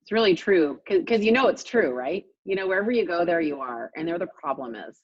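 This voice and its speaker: Emphatic husky woman coaching on a call. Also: lowish voice, animated, a little fast, dry recording, muffled recording. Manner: emphatic, repeats herself for stress. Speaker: real estate coach. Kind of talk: coaching talk on a group call.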